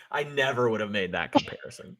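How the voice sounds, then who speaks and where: A man's voice: on the low side, lively intonation, a little fast, fairly bright tone. A man co-hosting a podcast in casual chat, dry and teasing with sarcastic jokes. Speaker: podcast co-host.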